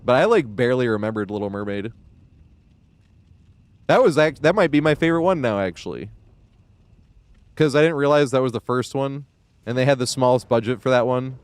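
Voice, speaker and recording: A man's voice: mid-range voice, lively intonation, a little fast, long pauses, clean tone, no echo. A young man streaming a video game, chatting casually and rambling, laughing often and swearing freely. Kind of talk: casual gaming stream chat.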